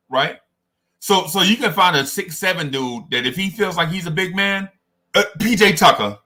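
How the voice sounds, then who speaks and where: Male sports podcast host, casual and animated, wandering off on tangents; bright, fairly high voice. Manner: animated, digressive storytelling.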